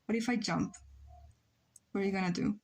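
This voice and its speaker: A woman's voice: medium pitch, a little fast, gravelly, darkish tone. A young woman, a native Spanish speaker, chatting casually on a drawing stream, self-mocking, with frequent ums and laughs. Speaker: livestreamer. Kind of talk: casual stream chat reading chat messages.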